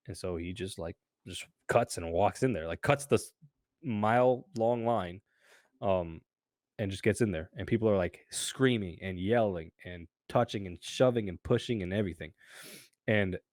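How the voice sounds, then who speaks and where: Hombre joven estadounidense contando una anécdota. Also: male voice, fairly low pitch, brisk, no echo, clean studio sound. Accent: American. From United States. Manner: animated storyteller, acts out voices, swears freely. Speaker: podcast co-host. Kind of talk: casual storytelling chat.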